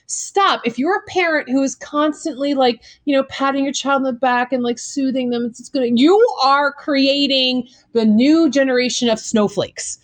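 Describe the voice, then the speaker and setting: A woman's voice: high-pitched, fairly even intonation, normal speed, few pauses. A woman teacher co-hosting a casual talk show, ranting bluntly with lots of swearing. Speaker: co-host, teacher. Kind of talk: casual podcast chat.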